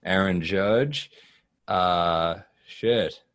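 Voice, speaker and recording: A man with a raspy voice, a comedian chatting casually as a podcast guest and trading quick banter about sports. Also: low voice, fairly bright tone.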